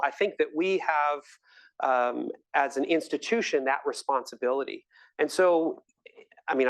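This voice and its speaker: A middle-aged man, a physician, answering audience questions at a live lecture with enthusiastic, storytelling energy. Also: mid-range voice. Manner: enthusiastic, warm storytelling with laughs. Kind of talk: live grand rounds Q&A.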